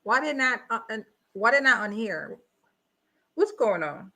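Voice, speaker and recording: Bright-voiced incredulous woman reviewer. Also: on the high side, very animated, a little slow. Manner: blunt, incredulous, repeats rhetorical questions. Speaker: reaction host. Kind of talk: casual live review commentary.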